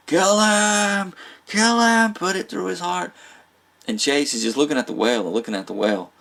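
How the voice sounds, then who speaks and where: A man giving a casual spoken movie review, rambling with fillers, restarts and small laughs. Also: fairly low pitch. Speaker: film reviewer.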